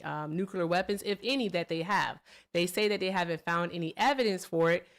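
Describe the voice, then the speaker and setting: A woman hosting a live call-in debate show, explaining points directly to callers and viewers. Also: on the low side. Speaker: host.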